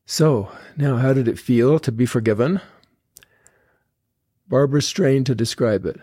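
Slow, earnest man with a mellow voice. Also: medium pitch, slightly rough, no echo, studio quality. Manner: slow, earnest reading with frequent pauses. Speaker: podcast host. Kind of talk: reading quotes from a news story aloud.

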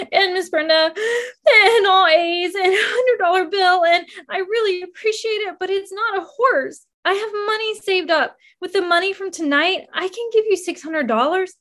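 A woman voicing a young girl who pleads breathlessly through tears, her words shaky and rushed. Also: very high voice, fairly bright tone, voice pushed up.

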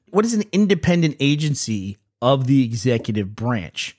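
A man's voice: medium pitch, sing-song, normal speed, few pauses, a little mellow, no room sound, clean studio sound. Chatty man telling stories. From United States. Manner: rambling storyteller, laughs often. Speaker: podcast host. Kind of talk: casual chat.

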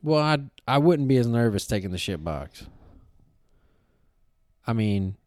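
A man's voice: medium pitch, a little slow, dry recording, studio quality. A man, co-hosting a podcast and telling a story in casual chat, swearing a lot and filling his sentences with "like". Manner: animated storytelling, heavy swearing, frequent fillers. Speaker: podcast co-host.

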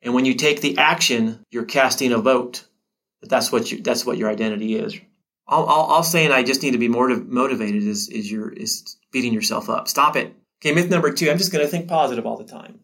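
A man's voice: mid-range voice, a little fast, fairly bright tone. Chatty man teacher giving pep talk. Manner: conversational, repeats words and restarts, acts out his own inner dialogue. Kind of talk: casual motivational talk to camera.

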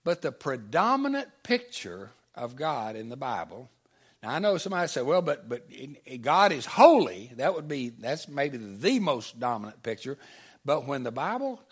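A man's voice: mid-range voice, very animated, moderate pace, slightly rough. A middle-aged man preaching a sermon to a congregation, talking conversationally, asking the room questions and repeating back their answers. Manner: conversational, repeats audience answers, many restarts. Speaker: pastor. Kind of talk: sermon with audience call-and-response.

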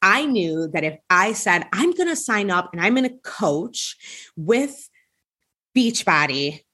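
Husky-voiced woman podcast host telling her story. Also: mid-range voice, big pitch swings, slow, bright, forceful tone. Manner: candid, conversational, frequent "like" fillers.

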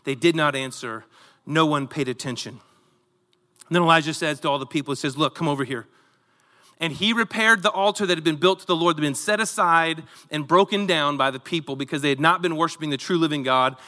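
Animated high-voiced preacher, echoing hall. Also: male voice, brisk. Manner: animated storytelling, acts out voices. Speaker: pastor. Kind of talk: sermon.

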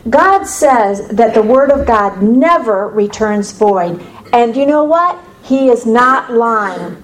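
A woman from the United States giving a personal faith testimony to an audience, telling it as a lively story with humorous asides. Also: a little high, slow, rough recording. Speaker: speaker sharing her faith testimony.

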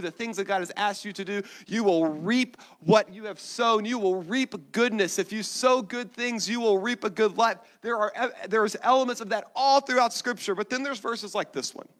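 A man preaches a sermon from the pulpit. His voice sits high and bright. He keeps it conversational, with asides to the congregation. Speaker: pastor.

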